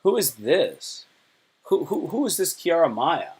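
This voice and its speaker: A man's voice: a little high, sing-song, measured pace, darkish tone, breathy edge. A man hosting a casual livestream, rambling in slang while reading posts aloud and joking. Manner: slangy, rambling, reads tweets aloud and jokes. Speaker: livestream host. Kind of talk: casual chat.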